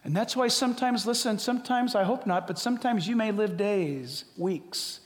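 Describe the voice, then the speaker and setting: Older male pastor, high voice, humorous and animated sermon delivery in a reverberant hall. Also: moderate pace. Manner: humorous, animated storytelling with sudden drops to quiet. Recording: echoey hall.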